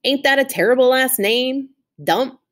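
A woman's voice: high-pitched, measured pace, pitched above the performer's own voice. A woman voicing a kind, toothless old woman with a folksy manner in a storybook read-aloud.

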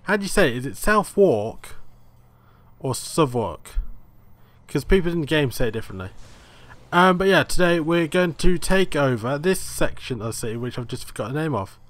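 A man hosting his own gaming video, chatting casually and rambling as he thinks aloud through the game. His voice sits a touch higher than most men's. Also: lively intonation, fast, a bit bright, no room sound. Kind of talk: let's play commentary.

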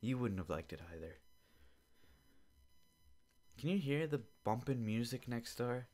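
A young man hosts a podcast in his home basement, his medium-pitched voice expressive, unhurried, and a little mellow. Even so, the talk is an irritated, casual rant, rambling and laced with swearing.

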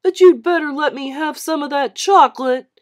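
A woman voicing a mean, sly schoolboy bully in a storybook reading, yelling and sneering. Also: high voice, normal speed, pitched above the performer's own voice, close to an everyday voice.

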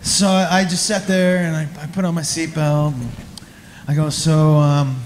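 A man's voice: a little high, little pitch movement, normal speed, roomy sound, a little hiss or hum. A man telling a crude, self-mocking stand-up story on a comedy club stage.

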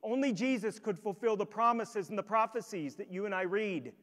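Brief: a male pastor with a high voice, preaching emphatically through the sanctuary sound system, long reverb. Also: brisk, fairly bright tone. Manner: emphatic, rhetorical questions to the congregation. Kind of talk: sermon. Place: church sanctuary. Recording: long church hall reverb.

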